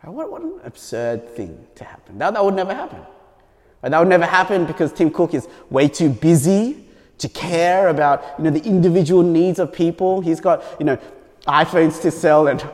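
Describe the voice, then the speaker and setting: Male pastor, chatty sermon, higher voice, hall echo. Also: expressive, moderate pace, darkish tone. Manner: conversational, frequent "right?" tags.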